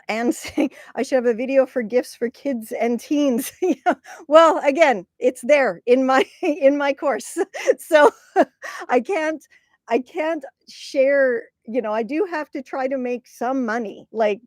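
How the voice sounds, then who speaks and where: Slow-talking woman chatting on a livestream. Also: on the high side, darkish tone, dry recording, clean studio sound. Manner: chatty and rambling, laughs often, reads viewer comments aloud. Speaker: content creator hosting a livestream. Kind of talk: casual livestream chat.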